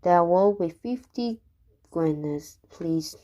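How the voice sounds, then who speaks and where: Gleeful, greedy storybook dentist, pompous and cheerful, read by a woman; low and unhurried. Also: lively intonation, warm tone, highs cut off.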